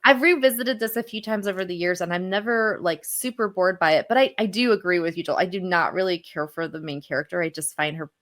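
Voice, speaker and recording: A woman's voice: fairly low pitch, quick pace, few pauses, a bit bright. A woman co-hosting a podcast about old TV horror films, talking casually with many fillers and restarts. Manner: chatty, lots of fillers and restarts. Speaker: podcast co-host. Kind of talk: casual chat.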